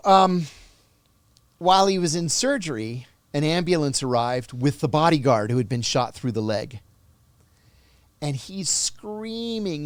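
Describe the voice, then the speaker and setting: A man's voice: on the high side, dry recording. Man telling a war story on a podcast, acts out the voices, dry close sound. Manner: vivid, animated storyteller acting out dialogue. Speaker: guest, former intelligence officer.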